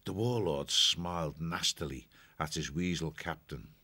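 A man narrating an audiobook in a measured, steady storytelling manner. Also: very deep voice, dry recording. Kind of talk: audiobook reading.

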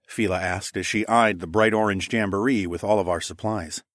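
A man narrating a first-person story in a steady, even way. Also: lowish voice, normal speed, no room sound, clean studio sound. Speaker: audiobook narrator.

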